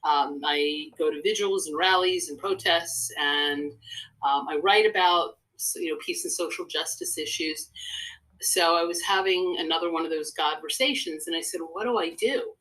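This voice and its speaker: Older woman with a bright, forceful voice. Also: low voice, steady tone, moderate pace, low-quality recording. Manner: earnest, rambling storyteller. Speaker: guest, psychotherapist and speaker. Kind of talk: casual interview conversation.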